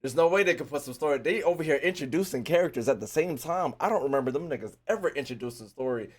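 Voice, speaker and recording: A man streaming a casual reaction to a game trailer, profane, excitable and rambling. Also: on the high side, fast.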